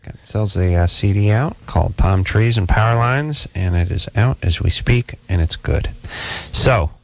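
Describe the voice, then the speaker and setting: A man co-hosting a radio call-in show from a studio, talking fast comic banter and breaking into loud, mock-outraged rants. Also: lowish voice, gravelly. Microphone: studio microphone.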